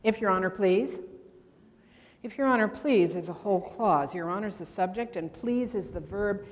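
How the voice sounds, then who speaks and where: A woman from Indiana, a grammar instructor at a court reporters' convention, gives an interactive classroom lecture in a convention meeting room. Her voice is medium-pitched, and she quizzes the audience with quick questions and answers. The large hall adds long, echoing reverb.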